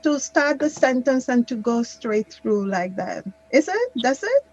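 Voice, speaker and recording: Woman teacher, kinda high voice, patient grammar explaining, muffled video call sound. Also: big pitch swings, darkish tone. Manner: patient, explains slowly with examples. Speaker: English teacher. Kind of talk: online grammar class. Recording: dull lo-fi online call audio.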